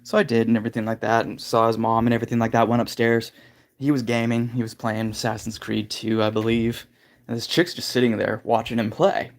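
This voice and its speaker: A man's voice: medium pitch, flat delivery, fairly quick. A man hosting a livestream, candidly telling a personal story in a casual, rambling way full of filler phrases. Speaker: livestream host.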